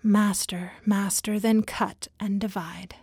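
Woman voicing pleading Bamboo, a gentle plant. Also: steady tone, takes it slowly, husky, dry recording, clean studio sound. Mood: hushed surrender. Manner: anguished, imploring, rising in pitch.

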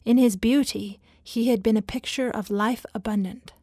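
A woman narrating a fable in a soft, lyrical, often half-whispered reading. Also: on the high side, steady tone, moderate pace, dry recording, clean studio sound. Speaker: storyteller. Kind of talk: scripted narration.

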